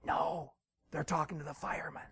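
A man voicing a mischievous small child who answers a phone in a hushed whisper. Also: fairly high pitch, level tone, moderate pace, gravelly, slightly rough, pitched above the performer's own voice, heavily acted.

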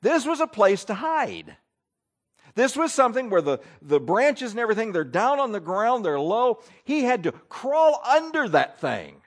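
A man preaching a sermon, emphatic, swinging between loud declarations and hushed asides. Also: very high-pitched, big pitch swings, moderate pace.

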